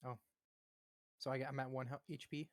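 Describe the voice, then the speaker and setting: Man, medium-pitched voice, tabletop player, asks rules questions, dry close sound. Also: little pitch movement, brisk, dry recording. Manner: unsure, asks rule questions. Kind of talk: casual tabletop game chat.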